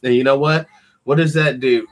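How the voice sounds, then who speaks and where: A man's voice: mid-range voice, moderate pace. Guy co-hosting a chill talk show, cusses a lot, does the voices when he tells a story. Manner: animated storytelling, profane, acts out quotes. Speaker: podcast host. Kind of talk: casual chat.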